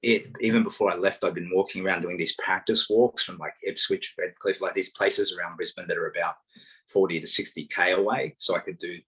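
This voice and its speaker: An Australian man talking casually as an interview guest, an animated storyteller with self-mocking humour. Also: low-pitched, a little fast, slightly rough, poor audio. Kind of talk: casual conversation.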